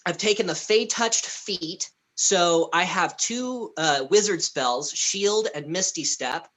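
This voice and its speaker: Woman player, low and bright, hesitant, casual tabletop talk. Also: slow. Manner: hesitant, with fillers and restarts. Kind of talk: tabletop game play, casual.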